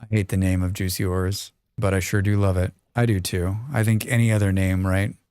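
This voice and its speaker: Male game streamer, relaxed and rambling, clear dry close voice, reads chat. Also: low-pitched, fairly quick, no room sound. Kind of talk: casual live-stream chat while playing.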